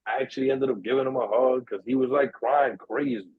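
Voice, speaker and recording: A man's voice: medium pitch, a little fast, husky, dry recording. A young man, casually telling a long story on a podcast, swearing freely and acting out the voices of the people in it. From New York. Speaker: podcast co-host. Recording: tinny, dry, narrow-band sound.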